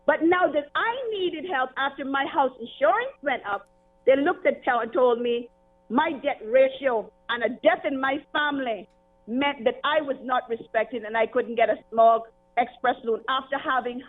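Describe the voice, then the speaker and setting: A woman's voice: high-pitched, normal speed. A woman caller making an impassioned, repetitive complaint over the phone, upset and pleading. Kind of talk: irate call-in complaint. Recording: tinny phone line.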